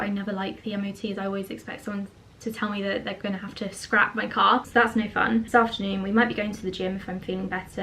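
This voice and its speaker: A woman's voice: medium pitch, gravelly, fairly bright tone, rough recording. A young woman chatting casually in a reading vlog, often doubling her words for emphasis. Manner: chatty, says "really" twice for emphasis. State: unwell, a bit out of breath. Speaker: book vlogger.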